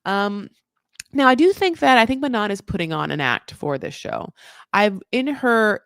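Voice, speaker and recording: Woman rambling thru a tv recap, snarky asides, medium pitch, dry sound. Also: no echo. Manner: rambling, sarcastic, animated asides. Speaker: recap host. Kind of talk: casual chatty TV recap.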